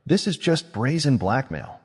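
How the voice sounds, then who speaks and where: A man voicing a frank young male mage who speaks flatly and bluntly. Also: mid-range voice, measured pace, husky, long reverb tail, pitched above the performer's own voice. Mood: accusing. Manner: flat, blunt.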